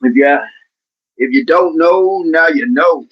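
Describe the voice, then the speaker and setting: A man hosting a fitness livestream in a casual, upbeat way, chatting and giving playful shout-outs to viewers by name. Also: on the high side, slow, husky, dull audio. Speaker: livestream host of a fitness channel. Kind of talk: casual livestream chat, reading out viewer comments.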